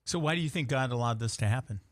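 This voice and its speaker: A man's voice: medium pitch, quick pace, no room sound. A man co-hosting a faith talk show, asking his guest probing questions.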